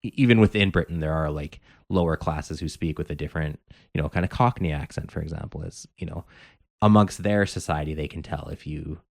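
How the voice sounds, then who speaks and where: A man's voice: a bass voice, fairly quick, creaky, no echo, studio quality. A man co-hosting a podcast, talking casually and rambling with many filler words. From Canada. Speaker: podcast co-host. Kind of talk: casual chat.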